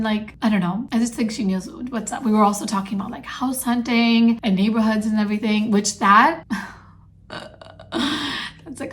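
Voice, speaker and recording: A young woman talking casually in a video diary, chatty and animated, full of fillers. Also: medium pitch. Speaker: vlogger. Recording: noisy background.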